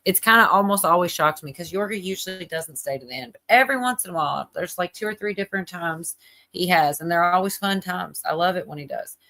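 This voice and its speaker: A woman's voice: fairly low pitch, quick pace, pushed and bright. A woman hosting a livestream, chatting casually and rambling with lots of fillers while she reacts to a video. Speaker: livestream host.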